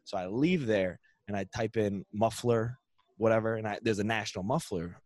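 A man's voice: lowish voice, normal speed, darkish tone, dry recording. A young man co-hosting a podcast, telling a long road-trip story in casual, profane chat and acting out the people in it. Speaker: podcast co-host.

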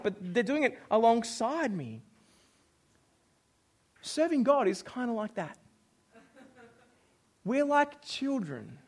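Man, thirties, high voice; a pastor who preaches casually and plays out the voices in his own anecdotes. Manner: animated storytelling, acts out quotes. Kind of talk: sermon.

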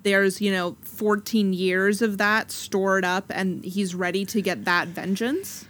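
A woman's voice: medium pitch, fairly even intonation, slow pace, a bit bright. A woman on a casual film podcast, thoughtfully offering her own readings of scenes.

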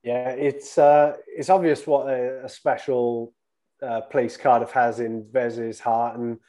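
A man with a dark, mellow voice retells an anecdote in a quick, chatty way. He is co-hosting the conversation. His pitch stays in an ordinary middle range. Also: flat delivery. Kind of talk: casual storytelling.

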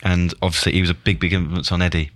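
A man, a football coach and former player, speaking reflectively as a podcast guest in casual chat, often halting and repeating words. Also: low-pitched, flat delivery, fairly bright tone, no room sound. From England.

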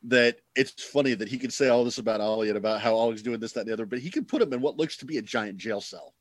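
A man's voice: mid-range voice, fast, no echo. A man co-hosting a podcast in casual chat, rambling and starting over often, with a gloomy outlook. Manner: rambling, self-interrupting, gloomy. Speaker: podcast co-host.

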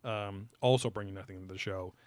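A man's voice: fairly low pitch, fairly even intonation, brisk, no room sound. A man co-hosting a podcast, rambling in casual chat with many fillers and loose asides. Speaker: podcast co-host.

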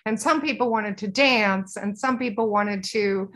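A woman's voice: mid-range voice, a little slow. A woman guest on a podcast, chatting casually in an earnest, rambling way about spiritual matters. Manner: rambling, earnest, soft-spoken spiritual talk. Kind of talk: casual interview chat.

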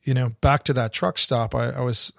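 Gravelly middle-aged man, halting storytelling, dry close sound, interview guest. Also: medium pitch, steady tone, a bit bright, no echo. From Canada. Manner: halting, many restarts and fillers.

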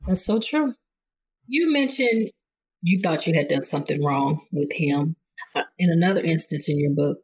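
Male podcast host, husky voice, slightly high, conversational interviewer. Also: low-quality recording. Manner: warm affirming listener, frequent short backchannels. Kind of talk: casual interview.

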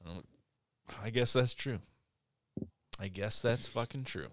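A man co-hosting a casual podcast chat, telling animated stories, laughing often and swearing a lot. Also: mid-range voice, unhurried. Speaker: podcast co-host.

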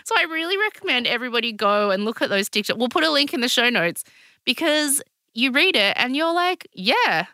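Chatty woman, bright and dry. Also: high-pitched, a little fast, no echo. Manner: animated, chatty, lots of fillers and voices. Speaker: podcast co-host. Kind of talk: casual chat.

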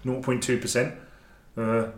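A man's voice: medium pitch, level tone, a little slow. A man hosting a casual podcast in a jokey, chatty, rambling way, often restarting his sentences. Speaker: podcast host. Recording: roomy echo, faint noise.

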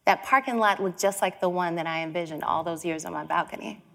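A woman from Chicago giving a storytelling talk, lively and acting out the voices she quotes. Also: fairly low pitch, fast talker, creaky. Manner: animated, acts out quoted voices.

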